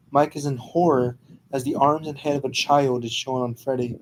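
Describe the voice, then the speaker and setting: A man narrating a fan story in a quick, casual, unpolished reading style that has stumbles and restarts. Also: medium pitch, fairly even intonation, a little hiss or hum, rough recording.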